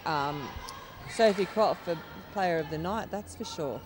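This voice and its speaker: A woman giving brisk play-by-play commentary on a netball final. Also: on the low side. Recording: noisy arena with crowd.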